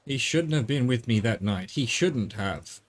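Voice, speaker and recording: A man's voice: mid-range voice, lively intonation, a little slow, a little hiss or hum, lightly acted. A man voicing a grieving, devout old widowed father, reading game dialogue aloud in a subdued storytelling way. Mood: sorrowful. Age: older.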